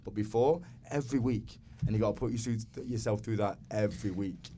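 A man's voice: lowish voice, a little fast, mellow, a little hiss or hum. A man in casual podcast conversation as a guest dancer, earnest and reflective. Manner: earnest, reflective, talks in a rush.

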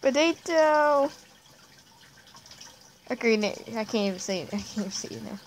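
A woman giving casual, chatty commentary while playing a game, giggling often and trailing off quietly at the ends of sentences. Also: mid-range voice, fairly even intonation, racing, a little hiss or hum. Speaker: gameplay vlogger.

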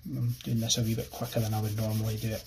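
Gravelly man teaching a drawing lesson. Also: lowish voice, fast talker, noisy background. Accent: Irish. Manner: relaxed, thinking aloud while drawing. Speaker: art teacher. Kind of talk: drawing tutorial narration.

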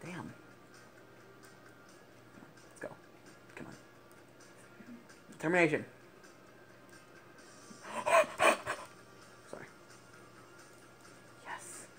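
A teenage boy giving excitable gaming commentary, swearing and laughing often. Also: a little high, slow, long pauses, low-quality recording. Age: teens. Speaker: gaming YouTuber. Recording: game music playing behind the voice.

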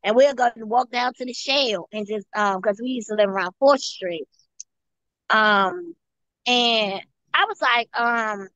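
A woman guest giving an earnest personal testimony, halting and often repeating or restarting her phrases. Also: on the high side, fairly bright tone, dry recording. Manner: earnest storytelling.

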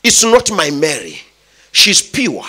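Joseph, an anxious young fiancé, pleads in an animated, high, bright voice, acted out by a male preacher. He speaks slowly and earnestly, defending the woman he loves. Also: full character voice. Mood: tender.

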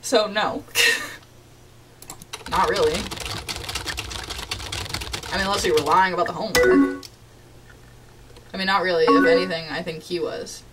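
A woman's voice: fairly low pitch, steady tone, moderate pace, pauses often, distant mic, very noisy. Chatty young woman gaming commentator. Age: young adult. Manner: chatty, giggly, playfully dramatic. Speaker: gaming YouTuber. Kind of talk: casual let's-play commentary, reading chat aloud. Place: home bedroom.

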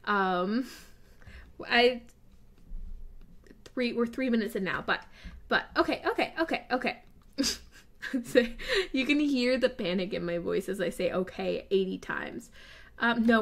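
A young woman chats through a timed building game in a casual, self-mocking way, laughing at her own mistakes. Her voice sits a little high, and she talks slowly and drawn-out, often trailing off in nervous asides. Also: a bit bright. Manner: self-deprecating, nervous, giggly. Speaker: gaming YouTuber. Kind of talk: casual commentary while building. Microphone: desk mic with face cam.

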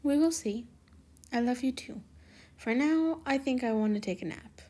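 A woman's voice: high voice, normal speed, dark tone. A woman voicing a young teenage superhero girl in a fan fiction reading, speaking in raised, heated lines. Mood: weary. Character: young teen superhero girl, angry and upset.

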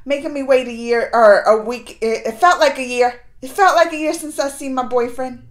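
A woman's voice: high voice, moderate pace. A woman hosting a fan reaction video, gushing and giddy, laughing often and talking straight to her viewers. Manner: playful, talks straight to viewers. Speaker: reaction vlogger.

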